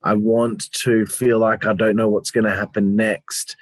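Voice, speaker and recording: Guy with a lowish voice rambling thru a review chat, lots of ums, swears, dry sound. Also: level tone, a little slow, few pauses, no room sound. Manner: rambling, hesitant, swears casually. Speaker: podcast co-host.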